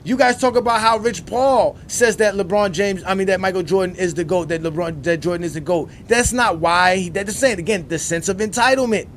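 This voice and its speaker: Guy with a high voice ranting on his sports show, keeps repeating himself, loud then mutters. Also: brisk, few pauses, slight background noise. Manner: emphatic, repetitive, jumps from loud outbursts to muttering. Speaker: sports debate show host. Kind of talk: ranting commentary.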